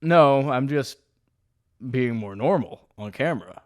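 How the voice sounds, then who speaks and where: A man's voice: mid-range voice, animated, a little slow. Crude, rambling young man hosting. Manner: profane, rambling storyteller with crude jokes. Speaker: podcast host. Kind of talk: casual solo monologue. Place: indoor room at home.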